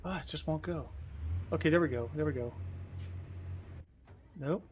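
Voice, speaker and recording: A man's voice: fairly high pitch, normal speed, a little hiss or hum. A man streaming a truck game, chatting casually and rambling, often chiding himself as he plays. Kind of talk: casual live-stream commentary.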